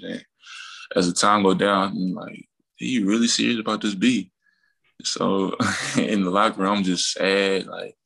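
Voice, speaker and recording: Young college athlete from Mississippi, interview guest; deep monotone with vocal fry, easygoing rambling delivery. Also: male voice, poor audio. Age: young adult. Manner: relaxed, rambling with fillers and restarts, laughs while telling stories. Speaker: college basketball player, guest. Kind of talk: casual interview storytelling.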